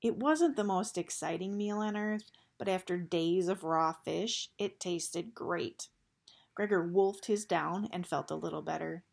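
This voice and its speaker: A woman reading a novel aloud in a steady storytelling manner. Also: fairly low pitch, unhurried, vocal fry. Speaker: audiobook reader.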